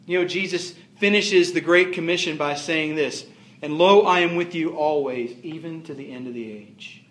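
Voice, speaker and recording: High-voiced man preaching in an echoey room. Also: normal speed, a bit bright. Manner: emphatic, repetitive preaching with rising and falling force. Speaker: pastor. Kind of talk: sermon.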